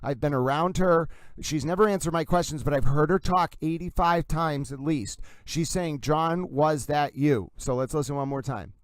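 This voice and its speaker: A man from Massachusetts with a Massachusetts accent, hosting a livestream of courtroom commentary and pressing his points emphatically to "ladies and gentlemen". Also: a little high, moderate pace. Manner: emphatic, insistent, repeatedly addresses "ladies and gentlemen". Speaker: livestream host.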